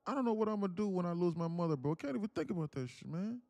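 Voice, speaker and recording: A young trading livestream host races along in a high-pitched, creaky, warm voice with lively intonation. He speaks earnestly and repetitively in casual motivational fashion, reading chat messages aloud and calling listeners "man" and "bro". No echo is present.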